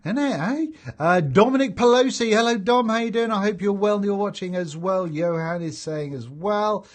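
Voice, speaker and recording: Brief: male host, casual live-chat reader, a touch high, relaxed and jokey. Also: moderate pace. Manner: chatty and jokey, laughs often, many fillers. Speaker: host of a live vaping stream. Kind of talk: casual live-stream chat, reading viewer comments aloud.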